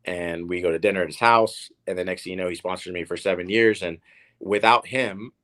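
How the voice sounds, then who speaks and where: A man's voice: sits low, brisk, a bit bright. A man in his thirties from Oklahoma, a professional tennis player telling stories in a casual interview, rambling and repeating words with many fillers. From Oklahoma, USA.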